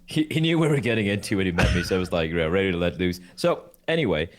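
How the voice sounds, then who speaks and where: A man tells a rowdy story in a casual chat, and his pitch swings widely as he goes. He swears freely and jumps into loud, high voices to act out other people. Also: fast talker. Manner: animated, swears a lot, acts out voices with high shouts. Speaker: co-host of esports talk show.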